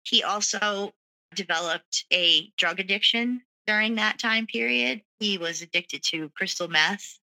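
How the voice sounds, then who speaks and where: As an interview guest, a woman candidly tells her own story in a loose, conversational way, laughing nervously and dropping fillers like "like" and "you know." Her medium-pitched voice is pushed and bright, at a measured pace, on poor audio.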